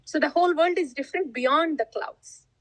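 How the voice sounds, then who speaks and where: Her high voice comes through poor audio with no room sound as she delivers a devotional talk. Taking her time, this spiritual teacher laughs frequently, poses rhetorical questions, and performs how listeners might answer.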